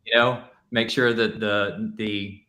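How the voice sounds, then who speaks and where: A man's voice: on the low side, flat delivery, slow pace, bright, forceful tone. A man speaking on an industry panel in a conversational way, peppered with filler words. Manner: conversational, frequent "you know" fillers. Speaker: panelist, restaurant tech executive. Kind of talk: panel discussion.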